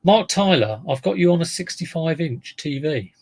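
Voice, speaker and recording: A man's voice: on the high side, normal speed, gravelly, dark tone, slightly rough. A man talking unhurriedly to his live-stream viewers in a rambling, chatty way.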